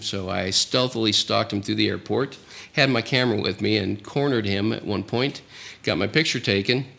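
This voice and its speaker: A man's voice: on the low side, gravelly, a bit bright. A man in his fifties from Oklahoma, telling family stories in a casual, folksy way with wry, self-mocking humor. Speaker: narrator of a family tribute video. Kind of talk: casual personal storytelling. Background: guitar music.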